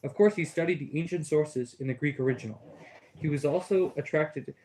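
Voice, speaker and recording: A man with a Texas accent, a student reading a text aloud in class, steady with small stumbles. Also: on the high side, fairly quick, slight background noise, rough recording.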